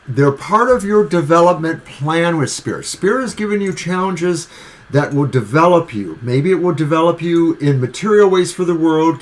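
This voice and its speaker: A man co-hosting a live tarot stream, reading cards and joking about his coffee in a relaxed, rambling way. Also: medium pitch. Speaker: tarot reader co-host.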